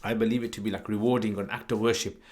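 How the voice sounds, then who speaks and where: A man's voice: on the low side, flat delivery, very fast, darkish tone. A man hosts a livestream Q&A on religious questions. He reads out each viewer's name and question, then answers in a casual, unscripted way with fillers and restarts. He speaks into a desk microphone.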